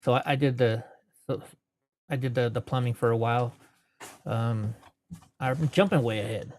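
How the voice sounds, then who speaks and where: This man in his forties has a darkish, mid-range voice and speaks at a moderate pace. Guesting in a laid-back interview, he meanders through lengthy anecdotes, self-corrects, laughs between them, and adopts voices to quote people.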